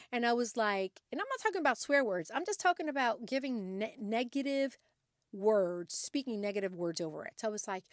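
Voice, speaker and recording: A woman's voice: fairly high pitch, lively intonation, fairly quick, no room sound, clean studio sound. A middle-aged woman hosting a podcast, talking casually and earnestly to encourage her listeners, often restarting her sentences. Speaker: podcast host. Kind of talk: casual motivational talk.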